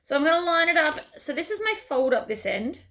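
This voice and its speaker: Woman, sewing tutorial host, casual running commentary, higher voice, faint noise. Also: sing-song, brisk. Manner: chatty, talks through each step as she works. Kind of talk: casual step-by-step tutorial narration.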